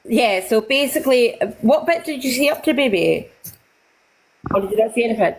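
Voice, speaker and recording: On a rough recording, a slightly high, animated female voice belongs to a livestream guest rehashing online drama. Casual and rambling, she swears freely and mimics what others said in quick bursts.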